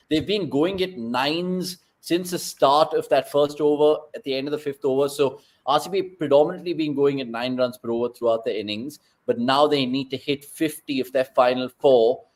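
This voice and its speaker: A young man hosting a live cricket watchalong, joking around and bursting into loud excitement at big moments. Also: mid-range voice. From India. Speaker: watchalong host.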